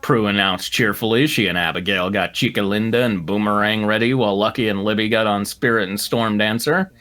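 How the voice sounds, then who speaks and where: A man's voice: on the low side, a little fast, fairly bright tone. A man hosting a live stream, narrating fan fiction aloud in a playful way, with laughs and banter between the lines. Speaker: narrator and host.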